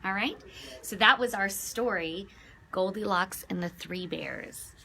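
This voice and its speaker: Expressive woman reading aloud to kids. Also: medium pitch, unhurried, creaky, a little hiss or hum. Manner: animated, expressive, asks children questions. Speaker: children's librarian. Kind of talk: reading a picture book aloud to children.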